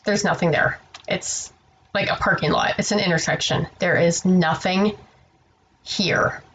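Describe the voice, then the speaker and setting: A woman's voice: lowish voice, steady tone, unhurried, a bit bright, a little hiss or hum, poor audio. A woman telling a story to camera in a casual vlog. She sounds tired and exasperated, rambles, and swears freely. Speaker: online seller vlogger.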